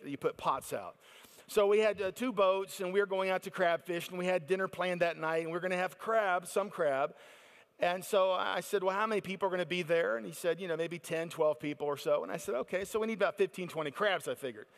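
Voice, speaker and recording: In a big hall, an American male conference speaker with a high voice delivers a storytelling sermon. He's animated, acting out other people's excited voices as he tells his stories.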